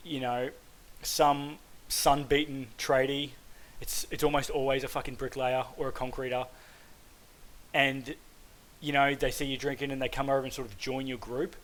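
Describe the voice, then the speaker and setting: An Australian man from Queensland reviews a film in a loose, conversational way. His voice sits at an ordinary middle pitch. He fills pauses with "um" and "like" and swears freely. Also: a bit bright, rough recording. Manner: casual, frequent "um" and "like", swears freely. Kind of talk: casual spoken film review.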